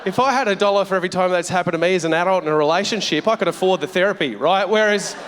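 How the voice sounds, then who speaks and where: A middle-aged man performs stand-up on a big stage, brash and full of swearing as he chats with the crowd. His voice sits fairly high for a man, and the live venue adds a long, ringing reverb behind him. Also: rapid-fire, fairly bright tone, a little hiss or hum. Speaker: stand-up comedian. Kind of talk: stand-up comedy set. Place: large theatre stage.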